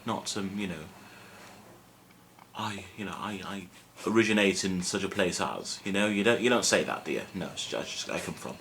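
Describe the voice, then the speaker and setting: A young man teaching a casual video lesson in a relaxed, self-mocking, chatty way with lots of fillers. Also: low voice, brisk, gravelly. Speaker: Welsh language teacher. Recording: faint background noise.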